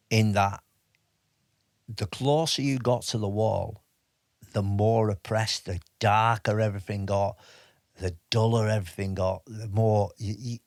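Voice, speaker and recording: This podcast guest is a fifty-something army veteran with a fairly low voice, recorded dry with clean studio sound. Telling stories in a casual interview, he often halts, restarting his sentences and filling gaps with fillers.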